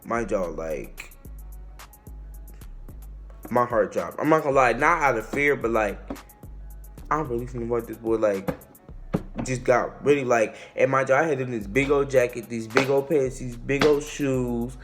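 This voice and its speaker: A young man telling a casual storytime tale. He is animated and slangy, and he acts out the quotes and the shouting. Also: medium pitch, measured pace, long pauses, faint music behind. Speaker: vlogger.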